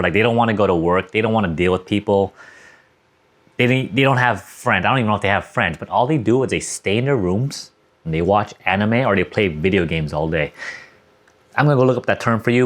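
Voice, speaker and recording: A young man talks straight to his camera in a loose, rambling rant, his voice sitting on the low side. He drifts from thought to thought and swears freely, and the delivery feels unscripted. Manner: rambling, profane, talks off the cuff. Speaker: vlogger.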